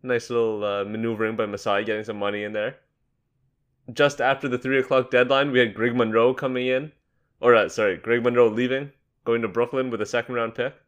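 A young man hosting a casual sports podcast, upbeat and joking, quick to laugh. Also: mid-range voice, little pitch movement, highs cut off. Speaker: podcast host. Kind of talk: casual basketball podcast chat.

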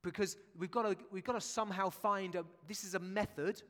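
A man's voice: high voice, fairly even intonation, a little fast, fairly bright tone. A man preaching a sermon in a church, chatty and jokey, with asides to the congregation. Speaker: pastor. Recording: long church reverb.

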